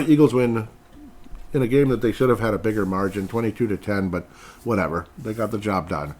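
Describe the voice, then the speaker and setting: A man hosting a casual sports podcast, rambling along with animated jumps and grumbling asides. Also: lowish voice, fairly quick, a little hiss or hum. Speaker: podcast host.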